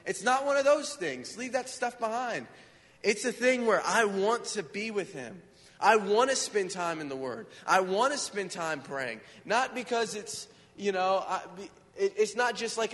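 A man preaches in a loose, conversational way, earnest and often turning questions back to his listeners. His voice sits high for a man. Long reverb from the hall trails behind him. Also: animated, moderate pace, fairly bright tone. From United States. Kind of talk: informal sermon.

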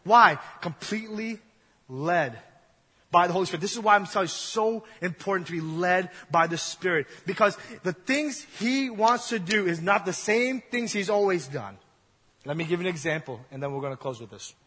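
A man's voice: high-pitched, expressive, moderate pace, pushed and bright, slightly rough. A young man preaching a sermon in a loose, joking storytelling way, acting out the voices of the people in his stories. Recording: long hall reverb.

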